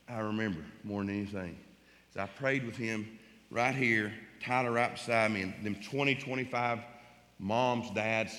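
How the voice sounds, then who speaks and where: Middle-aged guy telling a church testimony, folksy, repeats himself, goes loud then hushed, long hall echo. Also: on the low side. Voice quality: folksy, repeats words when moved. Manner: swings from loud and urgent to hushed and choked. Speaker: Christian speaker telling a testimony. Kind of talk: emotional storytelling testimony.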